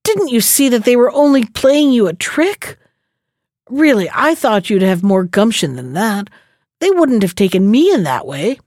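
A sharp-tongued housekeeper from a fairy tale, voiced by a woman reading aloud, who scolds without mercy. Her voice sits fairly high and lively, recorded close and dry. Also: unhurried, no room sound. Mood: scolding.

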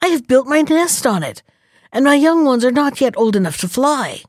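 A woman's voice: high voice, big pitch swings, normal speed, no room sound, clean studio sound, voice pushed up. A woman voicing an anxious male magpie in a storybook reading, speaking in a pleading, trembling way.

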